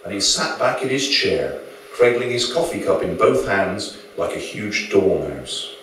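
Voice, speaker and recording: A man's voice: sits low, very animated, measured pace, a bit bright, slight background noise. A male author reading his novel aloud to an audience at a live venue, with dry, wry storytelling. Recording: very echoey room, mic far off.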